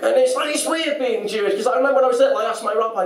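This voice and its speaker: A young man from North East England with a slightly posh northern accent, delivering a stand-up comedy set with dry, deadpan timing. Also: very high voice, racing, recorded from a distance. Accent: slightly posh northern English. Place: pub comedy room. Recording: loud noisy roomy pub recording from afar.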